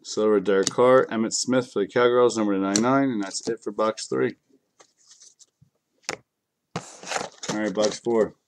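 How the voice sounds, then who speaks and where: A man with a fairly low voice hosts a live card break and talks to viewers by name in a loose, joking way. He sounds slightly sick and clears his throat now and then. A faint hiss sits under the recording. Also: steady tone, measured pace, pauses often. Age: adult, has kids.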